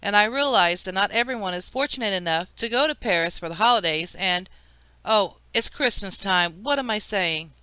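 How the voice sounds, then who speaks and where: A woman's voice: medium pitch, expressive, moderate pace, pushed and bright, clear, resonant tone, no room sound, low-quality recording. A woman reading an audiobook, voicing a harried mother who is stern and overwhelmed. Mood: flustered.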